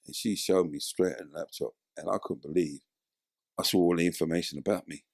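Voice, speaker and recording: Man, gravelly husky voice, lively storytelling, dry close sound. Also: sits low, a little fast, no echo. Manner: animated, acts out voices in his stories. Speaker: interview guest, former footballer. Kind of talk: casual storytelling interview.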